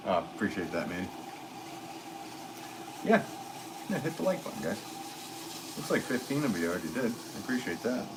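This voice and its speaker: A low-voiced, middle-aged American man chats casually on a livestream while he works, reading viewer comments in a relaxed, rambling way. He fills pauses with "um" and soft chuckles. A steady hum of noise sits clearly behind his voice. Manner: relaxed, rambling, chuckles often, many fillers. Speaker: potter hosting a livestream.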